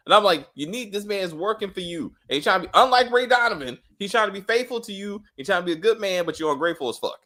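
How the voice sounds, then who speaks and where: Male podcast host for show reviews, animated and profane, bright tone. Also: high voice, fast, few pauses. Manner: animated, profane, acts out characters' lines. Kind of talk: casual chat review.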